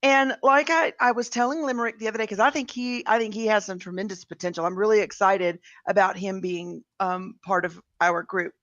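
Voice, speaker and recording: A woman's voice: medium pitch, fairly even intonation, a little fast, hardly any pauses, a bit bright, no echo. A woman who writes fiction, co-hosting a casual podcast chat in a chatty way, with many fillers. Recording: slightly dull lo-fi sound.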